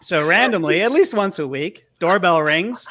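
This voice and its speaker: A man's voice: high-pitched, animated, normal speed, over a noisy crowd. A man co-hosting a podcast, telling a self-mocking story while reading a casual ad. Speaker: podcast co-host. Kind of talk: casual ad read with jokes.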